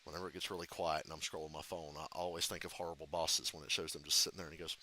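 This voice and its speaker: Bright, sharp-voiced man chatting casually. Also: rumbling low, flat delivery, rapid-fire, hardly any pauses, slight background noise. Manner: laughs often, swears freely, rambling asides. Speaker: live reaction streamer. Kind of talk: casual live reaction commentary.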